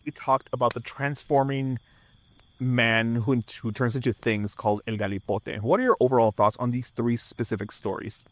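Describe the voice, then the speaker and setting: A man's voice: medium pitch, steady tone, normal speed, dry recording, low-quality recording. A man co-hosting a comedic horror podcast, narrating folklore and teasing his co-host. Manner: playful, teasing, breaks into silly character voices.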